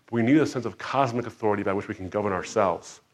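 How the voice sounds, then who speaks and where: A man's voice: lowish voice, quick pace. Man preaching a dramatic sermon. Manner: dramatic, swings between soft reflection and loud emphatic outbursts; acts out quoted voices.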